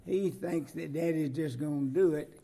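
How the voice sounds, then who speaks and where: A man's voice: on the high side, normal speed, gravelly, warm tone, slight background noise. A man, co-hosting a casual faith talk and making folksy, homespun comparisons.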